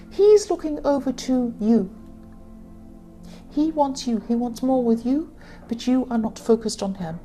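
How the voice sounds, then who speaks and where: Mellow higher-pitched woman reading tarot. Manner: halting, many fillers and self-corrections. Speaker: tarot reader.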